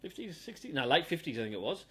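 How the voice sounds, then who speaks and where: A man's voice: fairly high pitch, very animated, very fast, fairly bright tone, slightly rough. An Australian man hosting a live podcast, chatting casually, rambling, laughing often and swearing now and then. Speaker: podcast host.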